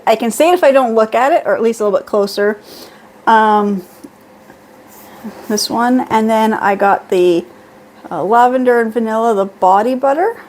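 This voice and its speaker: At home, a middle-aged woman who vlogs about beauty goes through her shopping haul, casually reading out labels and prices. Her voice is fairly high with a darkish tone, and a faint hum runs underneath.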